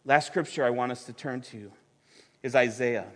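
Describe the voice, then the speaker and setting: A man preaching a sermon, emphatic and repeating words for stress, building at times to near-shouts, in a church with a band. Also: mid-range voice, normal speed. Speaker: pastor. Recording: long reverb of a large hall.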